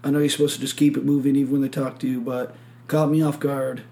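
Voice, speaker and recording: Gravelly man telling a rambling story. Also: medium pitch, flat delivery, fast, darkish tone. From Michigan. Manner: rambling storyteller, swears a lot, acts out quotes. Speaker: podcast host. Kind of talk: casual chat.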